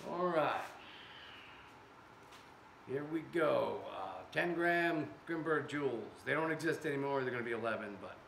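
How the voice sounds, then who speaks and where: A casual workshop vlog shows an American man testing air guns indoors and joking to viewers, filmed from a distant camera. His voice is a little high, gravelly, and fairly bright. There is echo in the room and background noise.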